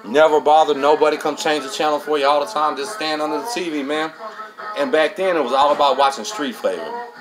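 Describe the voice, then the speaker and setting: A man's voice: a little high, fairly quick, over music, low-quality recording. A middle-aged man hosts a casual storytelling monologue, streetwise and profane, dropping "man" into nearly every line. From Texas. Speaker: host.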